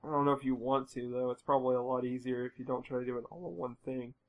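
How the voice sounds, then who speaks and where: A man's voice: medium pitch, steady tone, quick pace, low-quality recording. A young man from the United States giving casual, rambling gameplay commentary with plenty of swearing and exasperation. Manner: rambling, profane, easily exasperated.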